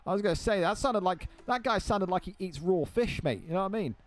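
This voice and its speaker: Young man, excitable play-by-play game caster, swears freely, slightly high voice. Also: quick pace. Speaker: esports fight commentator. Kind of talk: live play-by-play game commentary.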